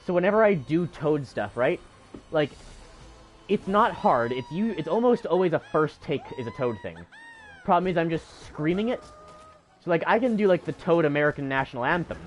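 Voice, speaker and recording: A man's voice: on the high side, animated, moderate pace, faint music behind. A male streamer giving live gameplay commentary, rambling and self-critical about his own mistakes.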